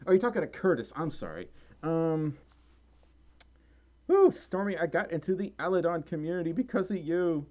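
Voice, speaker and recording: Man, livestream host, from Mississippi, tired, giggly, rambling, fairly high voice. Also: lively intonation, normal speed, long pauses, warm tone. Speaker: livestream host reading chat. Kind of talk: casual livestream chat. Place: home room.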